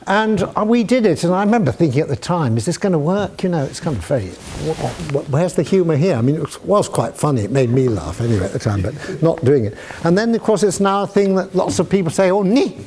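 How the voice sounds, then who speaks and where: An older man with a mellow, slightly raised voice tells stories to a student audience, chuckling as he goes. He slips into quoted voices now and then, keeping it loose and conversational. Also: a little high. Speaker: guest answering student questions. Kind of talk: anecdotal Q&A storytelling. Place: university lecture hall.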